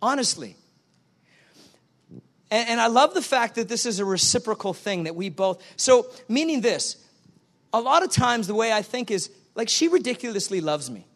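A middle-aged male pastor preaching a sermon, animated and acting out both sides of little dialogues. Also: extremely high pitch, moderate pace.

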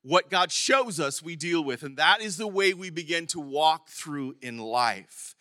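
A middle-aged man preaching a sermon as pastor, animated, with sudden emphatic bursts and some stumbling over words. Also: on the high side, a little slow, dry recording, clean studio sound. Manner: stumbles and repeats words at times.

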